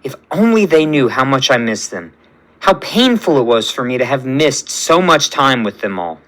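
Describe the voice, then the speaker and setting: A man's voice: medium pitch, very animated, moderate pace, a bit bright, voice pushed down. A man reading a fan story aloud, voicing a cocky, lonely young man in a chatty, pleading way. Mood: glum.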